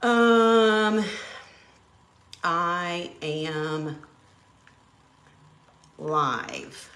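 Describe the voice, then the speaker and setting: A woman chatting casually on a live stream while she paints, telling a dramatic, animated story. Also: fairly low pitch, drawn-out words, echoey room. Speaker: craft channel host.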